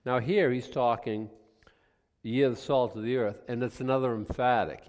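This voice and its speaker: A man's voice: mid-range voice, lively intonation, moderate pace, darkish tone, in a large hall. A man preaching a folksy, conversational Bible lesson, rambling with frequent restarts and homely asides. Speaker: pastor.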